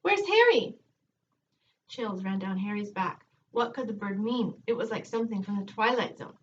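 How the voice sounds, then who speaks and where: A woman teacher reading a children's book aloud to her students in a calm, measured storytelling manner. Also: medium pitch, distant mic, muffled recording.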